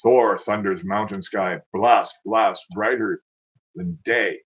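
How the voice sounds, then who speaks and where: A man's voice: lowish voice, slow pace, husky, muffled recording. A man reading his own poetry aloud in a dramatic, declaiming way, with casual asides between poems.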